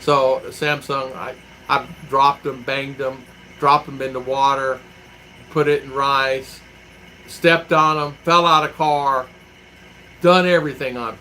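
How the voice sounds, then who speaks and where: This man's voice is fairly high, bright and forceful, heard through a low-quality recording with slight background noise. He's a vlogger abroad chatting casually on a livestream, reading chat aloud and spinning rambling stories with acted-out quotes.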